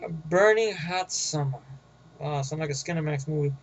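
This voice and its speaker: A man's voice: fairly high pitch, moderate pace, low-quality recording. A man with a New York accent giving a rambling, profane, casual movie review, often getting sidetracked.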